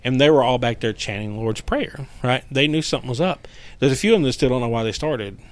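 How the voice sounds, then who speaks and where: A man tells a story as a podcast guest, swearing freely and acting out every line of dialogue. His voice sits at an average pitch. The sound is dry and close, with no room echo. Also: quick pace. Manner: animated, profane storyteller, acts out quotes. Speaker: guest paranormal investigator. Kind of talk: casual storytelling chat.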